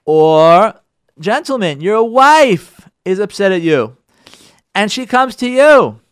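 A man's voice: high voice, slow pace, no echo, clean studio sound. A middle-aged man, a rabbi and marriage counselor, giving a lecture on marriage. He talks to his listeners directly, with emphasis and repetition, and acts out the quarrels of husbands and wives. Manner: lively, acts out spouses' quarrels in dialogue.

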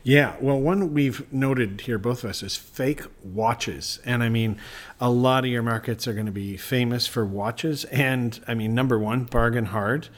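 A man's voice: medium pitch, unhurried. Chatty man giving travel tips. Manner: chatty, gives tips directly. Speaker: podcast co-host. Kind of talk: casual travel chat.

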